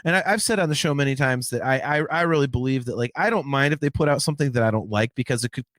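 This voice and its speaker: A man's voice: medium pitch, quick pace, a bit bright, no room sound. A man hosting a podcast in casual chat, rambling with many restarts and fillers. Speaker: podcast host.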